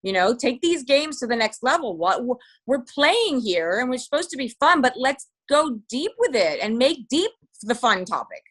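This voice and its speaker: A middle-aged woman in a casual chat as a podcast guest, candid and animated, swearing freely. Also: high-pitched, normal speed.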